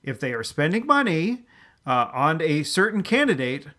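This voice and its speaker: A man co-hosting a casual comedy podcast, speaking in an earnest, halting way with swearing mixed in. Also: fairly high pitch, sing-song, sharp tone. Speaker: podcast co-host.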